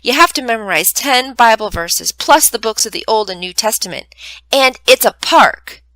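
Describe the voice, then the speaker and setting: A woman's voice: a little high, animated, normal speed, pushed and bright, no echo, voice pushed up, low-quality recording. A woman reading aloud, voicing an eager young girl who talks nonstop. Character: chatty excitable young girl, big sister.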